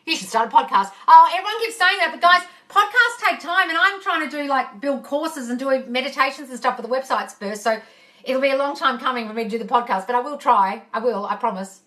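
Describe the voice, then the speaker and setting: Bright-voiced woman coach, swearing freely. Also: sits high, expressive, fairly quick. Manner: swears freely, calls viewers darling. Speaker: manifesting coach. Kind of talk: live Q&A chat. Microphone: phone. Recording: slightly distant from mic.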